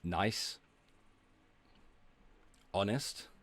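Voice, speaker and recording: A man's voice: fairly low pitch, extremely slow, a bit bright. A man streaming, ranting and talking back to his chat, sweary and sarcastic. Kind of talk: ranting livestream commentary.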